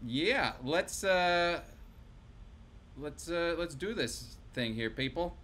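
A man's voice: a little high, animated, slow, a bit bright. A man hosting a comedic table read over a video call, cheering on the cast and handing out voices for them to try. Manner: upbeat, encouraging, hands out voices. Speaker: host and director of a live table read.

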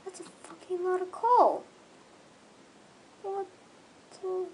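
A young gaming creator commenting excitedly on their own play, with gushing, squealing bursts of excitement. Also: very high-pitched, slow, a little hiss or hum, low-quality recording.

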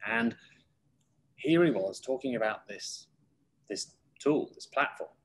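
A middle-aged man, a guest in an interview, telling stories from his career in a lively way and acting out the voices of people he quotes. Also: medium pitch, takes it slowly, breathy edge, low-quality recording. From United Kingdom. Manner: lively storyteller who acts out quoted voices. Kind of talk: casual interview storytelling.

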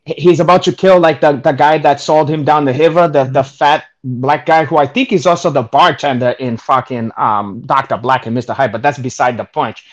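A man's voice: mid-range voice, brisk, hardly any pauses, dull audio. A man co-hosting a casual chat, rambling and swearing with many restarts. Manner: rambling and profane, lots of restarts. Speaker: co-host.

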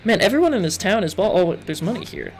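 A man's voice: sits high, sing-song, fast talker, creaky, soft background music. A young man giving playful, joking let's-play commentary as he works through a game. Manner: playful, jokey, chatty with game characters. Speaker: gaming video host.

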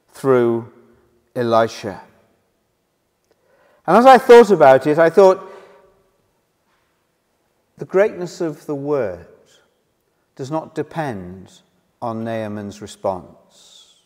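A man's voice: a little high, darkish tone. A man preaching a sermon in an earnest way, leaning hard on key words. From Wales. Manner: slow, earnest, rising and falling emphasis. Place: church hall. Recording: reverberant church hall.

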